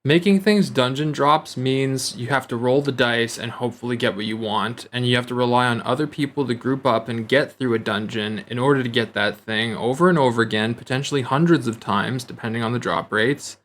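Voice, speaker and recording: A man calmly explaining his view on game design in a casual discussion. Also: mid-range voice, a little fast, few pauses. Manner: calm, reasoned explanations.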